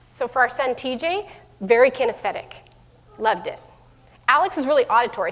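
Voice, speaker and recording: A woman's voice: high-pitched, fairly bright tone. A middle-aged woman giving a parenting talk to an audience of parents, conversational, with many fillers and restarts. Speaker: school division head giving a parenting talk. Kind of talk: live presentation to parents. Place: room with an audience. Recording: long hall reverb.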